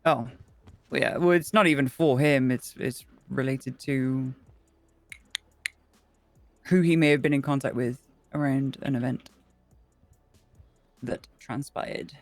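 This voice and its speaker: A man's voice: mid-range voice, slow, long pauses, faint music behind. A man in character as a police officer in roleplay chat, casual and a bit hesitant.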